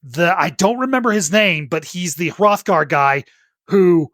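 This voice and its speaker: A woman from Texas chatting on a casual gaming podcast. She tells stories in a relaxed way and laughs often. The sound is close and dry. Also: fairly low pitch, unhurried, no room sound. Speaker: podcast co-host.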